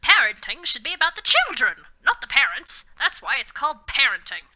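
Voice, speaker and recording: A woman's voice: sits high, big pitch swings, fairly quick, pushed and bright, voice pushed up, exaggerated voice. A woman doing a drawling Southern old reverend. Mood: preachy. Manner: drawling, preachy, announcing. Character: old male reverend headmaster, folksy and authoritative.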